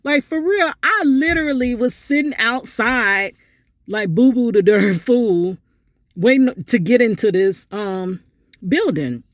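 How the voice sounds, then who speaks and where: A woman's voice: measured pace, no room sound. Middle-aged woman vlogging, chatty storytelling, talks right to the camera, dry close sound. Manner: animated, acts out quotes with big pitch jumps; chatty, addresses viewers directly. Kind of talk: casual storytelling vlog.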